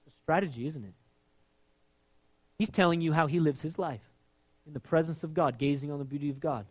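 A middle-aged man preaching a sermon in an animated, emphatic way, his energy rising as he goes. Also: fairly high pitch, brisk. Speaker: pastor.

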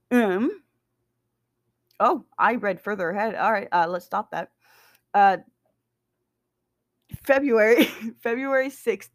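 A woman's voice: medium pitch, no echo, clean studio sound. A woman casually reading a document aloud, breaking off for joking, swearing asides and stumbling over dates. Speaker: reader of SCP documents.

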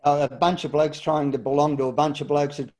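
A man's voice: on the high side, little pitch movement, a little fast, darkish tone. A man in his fifties with an Australian accent, a guest talking earnestly and emphatically about fatherhood. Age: 50s. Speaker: podcast guest, solo dad. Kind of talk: casual interview chat.

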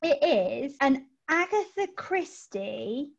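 Giggly woman podcaster, bright voice. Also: high-pitched, slow, creaky. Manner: giggly, animated, trails off into restarts. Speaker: podcast co-host. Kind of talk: casual podcast chat. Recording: lo-fi dull audio.

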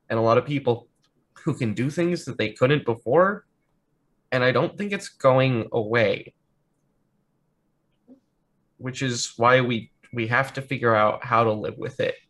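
A man's voice: medium pitch, fairly bright tone. A man playing an earnest, careful college-bound youth. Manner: measured, hesitant, careful. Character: earnest young man about to leave for college.

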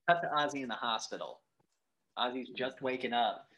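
A man co-hosting a podcast, casually recapping a movie in a rambling, profane way and acting out lines in high voices. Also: expressive, moderate pace, pushed and bright. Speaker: podcast co-host.

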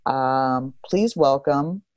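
A woman co-hosting a casual podcast, blunt, profane and quick to laugh. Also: rumbling low, darkish tone, no room sound. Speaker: podcast co-host.

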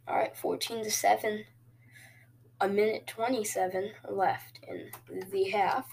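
A woman hosting casual video game commentary, excitable and jokey, with sudden cheers and quiet asides. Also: medium pitch, gravelly, a little hiss or hum. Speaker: host.

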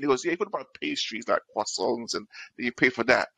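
A man's voice: medium pitch, quick pace, gravelly, dry recording. A man, co-hosting a podcast and telling a story in casual slang-filled chat. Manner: animated storytelling with London slang. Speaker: podcast co-host.

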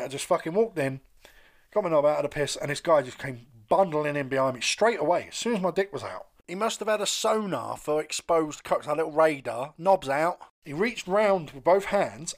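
A British man co-hosting a podcast, telling a story in casual chat with lots of swearing. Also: on the high side. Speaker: podcast co-host.

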